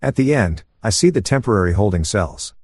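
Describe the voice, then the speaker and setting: Low-voiced man narrating a calm story. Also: fairly quick, husky, dry recording, studio quality.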